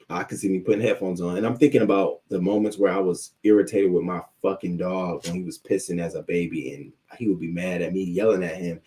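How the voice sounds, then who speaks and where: Man, livestream commentary host, very low voice, heated profane rants, loose unscripted delivery. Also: mellow. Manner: heated, profane ranting with many restarts. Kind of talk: unscripted commentary while reading live chat.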